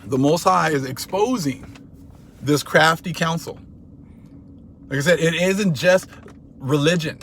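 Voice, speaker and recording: A man talking in a casual commentary monologue, animated and laughing as he acts out little skits. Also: a little high, slight background noise. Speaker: channel host.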